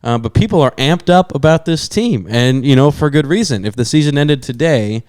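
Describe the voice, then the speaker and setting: Rambling young man, smooth voice. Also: on the high side, lively intonation, moderate pace, a little mellow, no echo, clean studio sound. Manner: rambling storyteller with many fillers. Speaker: podcast co-host. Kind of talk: casual chat.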